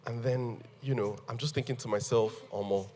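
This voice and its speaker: A man telling an animated story on a panel, laughing and acting out what people said. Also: medium pitch, normal speed, long reverb tail. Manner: animated, laughing storyteller who acts out quotes. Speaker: guest.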